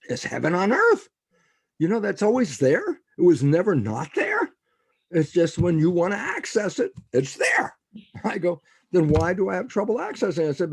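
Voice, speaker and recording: A man's voice: fairly high pitch, creaky, darkish tone, slightly rough, no room sound. An older man, a guest biologist on a podcast interview, telling stories with animation and acting out quoted dialogue. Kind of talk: interview conversation.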